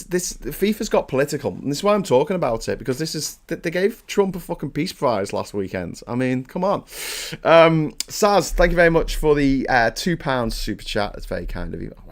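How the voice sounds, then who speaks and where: A man hosting a casual morning live stream, chatting, swearing freely and thanking viewers for their donations. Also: on the high side.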